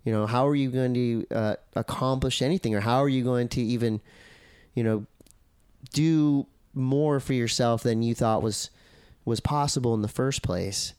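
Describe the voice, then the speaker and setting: Smooth-voiced man, animated podcast guest. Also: medium pitch, normal speed, dry recording, studio quality. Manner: animated, acts out his own quoted thoughts. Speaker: podcast guest, surf commentator and editor. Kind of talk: casual podcast conversation.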